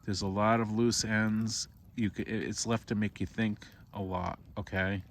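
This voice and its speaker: A man's voice: level tone, normal speed, gravelly, a little hiss or hum. A man, a parent, telling a made-up horror story outdoors by a campfire, rambling with many restarts. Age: adult parent. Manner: rambling, repeats and restarts, rises to high cries for the boy's voice.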